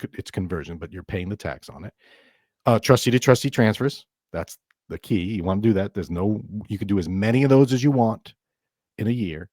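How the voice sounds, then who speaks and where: A man's voice: fairly low pitch, darkish tone, no room sound, studio quality. A middle-aged man hosting a financial radio show, explaining rules in a chatty way, with restarts and emphatic asides. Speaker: financial advisor and podcast host.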